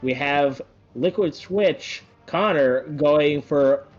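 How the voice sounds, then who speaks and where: A man giving casual play-by-play commentary on a gaming match, rambling and correcting himself, with sudden excited bursts. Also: fairly high pitch, slow, muffled recording, soft background music. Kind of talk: casual esports-style commentary.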